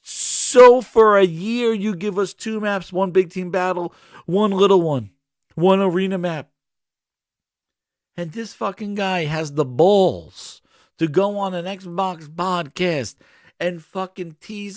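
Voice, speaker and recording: A man's voice: high voice, slow, a little mellow, no room sound, clean studio sound. A man hosting a gaming podcast, ranting angrily and swearing, often stammering and repeating himself. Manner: heated and profane, repeating himself. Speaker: podcast host. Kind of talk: angry gaming rant.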